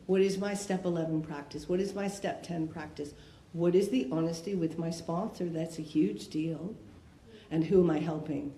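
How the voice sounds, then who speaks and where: Speaking openly at a recovery talk, a woman from Canada uses a lowish, dark voice and poses rhetorical questions in a conversational way. The room is echoey, with faint background noise.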